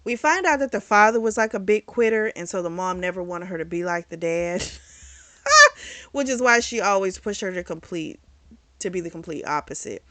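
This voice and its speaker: A woman's voice: lowish voice, lively intonation, brisk, a bit bright, no room sound. A woman recapping a novel's plot in a casual, chatty way, filling her speech with "like" and "um" and swearing now and then. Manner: chatty, retells plot in quoted voices, frequent "like" and "um". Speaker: book reviewer. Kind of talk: casual book review recap.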